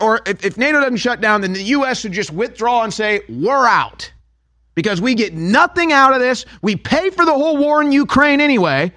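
A man's voice: very high voice, sharp tone, no room sound. A man hosting a talk radio show, delivering a sarcastic, heated opinion monologue in a studio.

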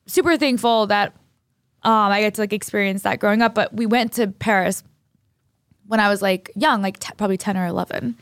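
A woman's voice: medium pitch, steady tone, a little fast, dry recording. A woman in her twenties co-hosting a podcast, telling long stories in a rambling way with constant "like". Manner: rambling, heavy use of "like", storytelling. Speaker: podcast co-host. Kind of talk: casual chat.

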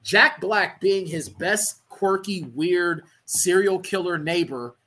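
A man's voice: high-pitched, slow pace, sharp tone, low-quality recording. A man co-hosting a podcast, chatting casually and playfully about a film. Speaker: podcast co-host. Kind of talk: casual chat.

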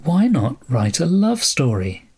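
A man's voice: a little high, huge pitch swings, slow, mellow, breathy edge, voice pushed up, heavily acted. A man voicing a fussy, prim housewife who scolds her husband in a read-aloud story. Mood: coaxing.

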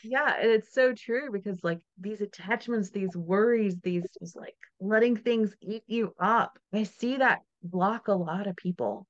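A woman's voice: medium pitch, measured pace, few pauses, muffled recording. A woman hosting a podcast, talking casually and often laughing, with chatty storytelling asides. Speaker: podcast host. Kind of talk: casual interview chat.

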